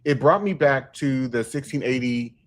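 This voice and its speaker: A male host with a mid-range voice speaks in a deliberate, analytical way. He picks careful, clinical words while leading a livestream discussion over a video call. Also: medium pitch. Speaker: host and author.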